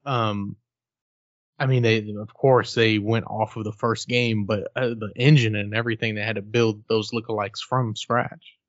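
A man's voice: lowish voice, fairly even intonation, moderate pace, no room sound. A man co-hosting a podcast, chatting casually about a game in brief, laid-back remarks. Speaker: podcast co-host. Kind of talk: casual game review chat. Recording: dull lo-fi recording.

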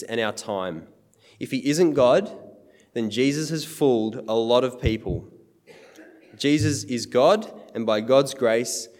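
A man's voice: mid-range voice, long reverb tail. A man preaching a sermon in an earnest, emphatic way, quoting scripture.

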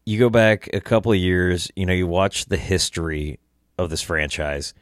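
A man's voice: low-pitched, fairly even intonation, moderate pace, no room sound, clean studio sound. A young man hosting a solo podcast, tired and tipsy, rambling casually and swearing a lot. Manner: rambling, profane, laid-back. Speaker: podcast host.

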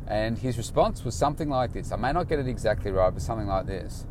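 A man, a personal trainer, telling a casual vlog story and acting out his own excited questions. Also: fairly low pitch, a little fast, few pauses, noisy background. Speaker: personal trainer, daily vlogger.

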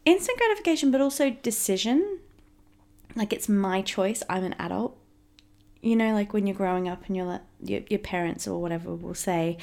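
Chatty laughing woman with gravelly fry. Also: medium pitch, fairly quick, darkish tone. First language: English. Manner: chatty, laughs often, rambling. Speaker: podcast co-host. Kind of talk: casual couple's podcast chat.

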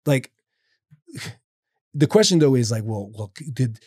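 A man's voice: mid-range voice, sing-song, takes it slowly, a little mellow, husky, no echo, studio quality. A man talking earnestly about his faith in a casual conversation, rambling with many restarts and fillers. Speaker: guest speaking about faith.

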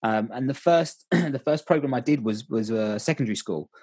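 A man's voice: mid-range voice, moderate pace, darkish tone, slightly rough, no room sound. A young man casually telling stories about coaching kids, candid and rambling, often restarting his sentences. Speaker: volunteer youth coach. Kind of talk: casual storytelling chat.

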